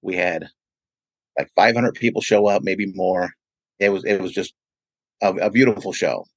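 An event promoter and radio DJ from California, guesting on a podcast, rambles through anecdotes full of "you know" while answering interview questions. His voice sits low at a normal speed, and the dry recording has its highs cut off.

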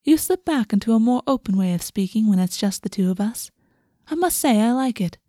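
A woman reading a storybook and voicing an older fae woman mentor who speaks softly and fondly. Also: fairly high pitch, expressive, a little fast, no room sound, clean studio sound. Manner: soft, warm, murmuring.

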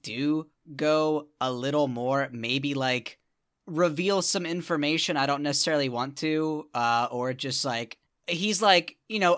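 A man explaining his character's plans in a tabletop game, rambling and filler-heavy. His tone is bright and forward. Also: mid-range voice. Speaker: player.

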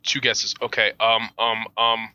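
A man's voice: medium pitch, completely flat delivery, sharp tone, no echo. A man co-hosting a podcast, joking crudely and riffing on the story in casual banter. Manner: joking, crude, quick to laugh, riffs on the story. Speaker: podcast co-host.

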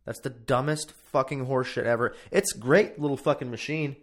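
A man with a mid-range, brisk voice hosts a casual solo podcast from the podcast room in his home. He rambles, swears freely, and pokes fun at himself.

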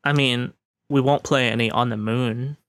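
A man's voice: mid-range voice, fairly even intonation, moderate pace, fairly bright tone, no room sound, studio quality. A man in an improv comedy scene, talking politely and hesitantly, with plenty of ums and restatements. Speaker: improv scene partner playing an Earth negotiator.

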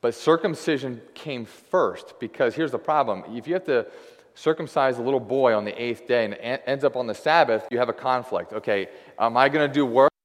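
Casual preacher in a reverberant hall. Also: male voice, mid-range voice, fairly quick. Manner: casual, conversational preaching with many "like" fillers. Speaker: guest preacher. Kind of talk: sermon. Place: church sanctuary.

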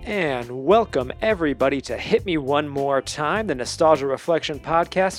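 A man's voice: fairly high pitch, animated, moderate pace, few pauses, faint music behind. A man hosting a podcast in casual chat, upbeat and jokey, laughing easily. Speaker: podcast host.

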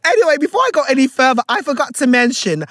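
A woman's voice: high-pitched, very animated, quick pace, a bit bright, no room sound, studio quality. Woman hamming up a mock British accent. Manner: playful put-on British accent, giggly and rambling. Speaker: podcast host. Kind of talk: casual podcast chat.

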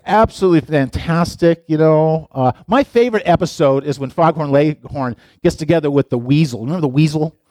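A man's voice: a little high, a little fast, hardly any pauses, a little mellow, no echo, clean studio sound. A middle-aged man, a pastor, giving a playful, chatty sermon and talking directly to his listeners. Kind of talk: casual sermon.

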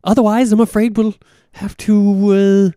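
A pompous older escapee speaks in prim, overly refined phrases with icy courtesy, as a man voices him. The tone is high and mellow, recorded close and dry. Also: flat delivery, measured pace, dry recording. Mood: prissy, cold. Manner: fussy, over-refined phrasing.

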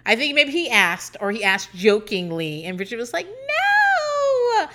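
A young woman from Virginia hosting a podcast, chatting casually, cursing freely, laughing a lot and acting out quotes in a high voice. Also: lively intonation, moderate pace, bright, forceful tone. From Hampton Roads, Virginia. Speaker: podcast host. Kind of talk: casual storytelling chat.

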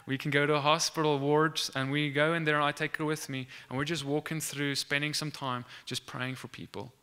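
A man telling a faith testimony as animated storytelling, acting out the lines of the people in it. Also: a little high, fairly quick, clear, resonant tone. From South Africa.

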